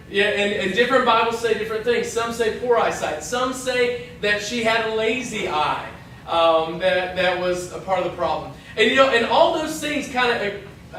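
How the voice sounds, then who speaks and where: Bright-voiced man teaching Bible class. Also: sits high, a little hiss or hum. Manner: chatty, self-interrupting, jokey asides. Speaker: youth pastor. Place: church hall. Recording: echoey hall from far off.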